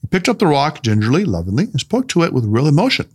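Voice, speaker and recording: Expressive male audiobook narrator. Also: a little high, quick pace, hardly any pauses, slightly rough. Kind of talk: scripted narration.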